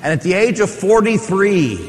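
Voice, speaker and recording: Male priest, sermon, chatty storyteller, raised pitch, long church reverb. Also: animated, moderate pace. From Pittsburgh area. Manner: storytelling, conversational, with sudden drops to a soft hush for emotional lines. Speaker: Catholic priest. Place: large church.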